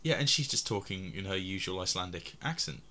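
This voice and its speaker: A man's voice: low-pitched, lively intonation, fairly quick, pushed and bright. A man from England chatting casually about films, rambling with many restarts and frequent laughs. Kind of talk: casual film discussion.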